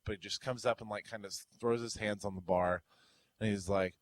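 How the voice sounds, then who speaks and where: A young man co-hosting a podcast, telling a story in casual chat and acting out the quotes with loud, rising outbursts. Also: lowish voice, steady tone, fairly quick, rough recording. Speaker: podcast co-host.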